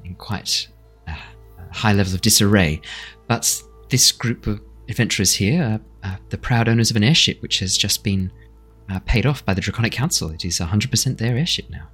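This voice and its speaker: A man's voice: fairly low pitch, fairly bright tone, breathy edge. Man doing a composed, polite official. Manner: measured, polite, hesitant.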